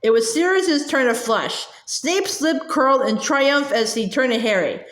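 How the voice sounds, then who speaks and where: Reading a novel aloud in a casual way, a woman often stumbles, hesitates and starts over. Her voice sits high and is animated, with a fairly bright tone and a slightly slow pace, set in an echoey room.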